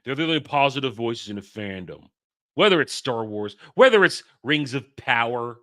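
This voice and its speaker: A man's voice: medium pitch, expressive, moderate pace, fairly bright tone. Heated man ranting on a livestream. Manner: heated, repetitive, stumbling restarts. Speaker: host.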